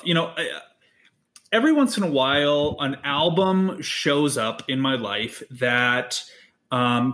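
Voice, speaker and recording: A man in an easygoing music podcast chat, presenting an album at an unhurried pace. He rambles a bit, fills gaps with ums and starts sentences over, and his voice sits at an ordinary middle pitch. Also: fairly bright tone. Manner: rambling, with many ums and restarts. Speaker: podcast co-host.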